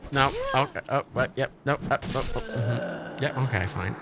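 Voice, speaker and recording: A man's voice: mid-range voice, normal speed, gravelly, heavy background noise. A young man streaming a game, rambling through stories and swearing freely in casual chat. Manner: rambling, swearing, laughing storyteller. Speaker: livestream gamer.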